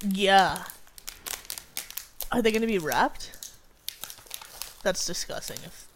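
A woman's voice: mid-range voice, takes it slowly, a little hiss or hum. A woman co-hosting a casual chat, complaining animatedly about a snack with frequent laughs. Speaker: podcast co-host.

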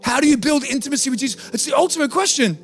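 A man's voice: very high-pitched, rapid-fire, soft background music. A male pastor preaching a sermon in a church, talking casually and then building to emphatic peaks.

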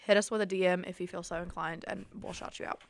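A woman's voice: on the low side, steady tone, fast talker, vocal fry. Laid-back young woman podcast co-host. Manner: easygoing, filler-heavy storytelling. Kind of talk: casual chat.

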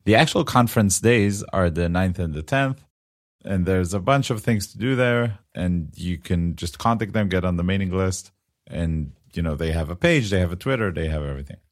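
A man's voice: sits low, expressive, normal speed. A man co-hosting a casual tech podcast, playful and joking, laughing often and using lots of uh fillers. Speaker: podcast co-host.

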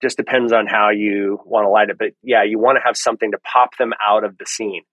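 A man guest on a podcast, explaining in a relaxed way with frequent ums and restarts. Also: on the low side, fairly quick, no echo, low-quality recording. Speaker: lighting guest. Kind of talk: casual podcast interview.

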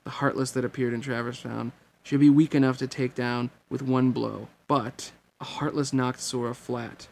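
A man reading a novel chapter aloud as an amateur audiobook. His voice sits at a middling pitch with a noticeable gravelly rasp, and a faint noise runs underneath. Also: little pitch movement, normal speed. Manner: plain storytelling narration. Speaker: reader.

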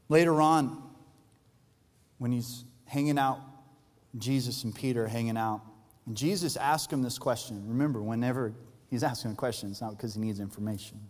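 A man pastor delivering an Easter sermon, earnest and emphatic, rising to loud peaks and dropping soft for tender lines. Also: mid-range voice. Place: large church hall. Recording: live church hall with long reverb and soft music.

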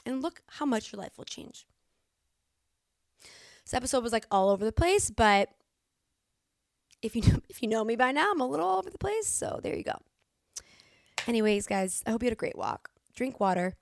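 Woman, podcast host, candid and emphatic, fairly high voice, dry close sound. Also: very animated, normal speed, vocal fry, long pauses, no echo. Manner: candid and emphatic, swears, restarts herself. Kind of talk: motivational solo podcast.

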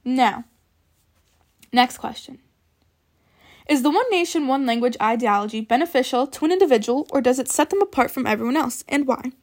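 A woman's voice: sits high, lively intonation, normal speed, long pauses, a little mellow. Emphatic young woman hosting a podcast. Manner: emphatic and opinionated, repeats points for stress. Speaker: student podcast host. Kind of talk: podcast opinion monologue.

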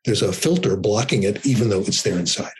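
Older US man, husky, loose conversational guest, discursive and easygoing. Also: on the low side, a little fast, rough recording. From United States. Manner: relaxed, discursive, checks in with "okay?". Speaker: guest, language researcher. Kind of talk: conversational explanation.

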